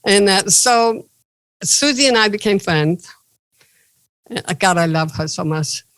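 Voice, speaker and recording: A woman comedian and motivational speaker, a guest in an interview, telling animated stories with playful jokes. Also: mid-range voice, a little slow, dry recording, poor audio. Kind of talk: casual interview storytelling.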